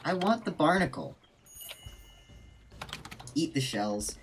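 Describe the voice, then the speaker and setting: A man streaming a game live, commenting in a loud, playful and excitable way. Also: a little high, slow pace, distant mic, soft background music. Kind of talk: casual gameplay commentary.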